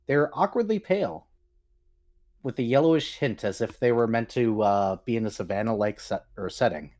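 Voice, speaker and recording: Male game master with an even mid voice who narrates at ease. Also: medium pitch, moderate pace. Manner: descriptive, relaxed, with fillers.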